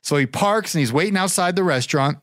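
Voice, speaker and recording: Casual male storyteller from Ohio, rambling and lively, dry close sound. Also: fast talker, dry recording. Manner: rambling, animated, pitches up for quoted voices. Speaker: show regular telling a story.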